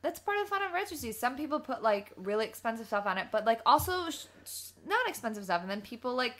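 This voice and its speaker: A woman's voice: on the high side, big pitch swings, quick pace, a bit bright. A woman co-hosting a podcast in casual chat, sarcastic and swearing freely. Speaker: podcast co-host.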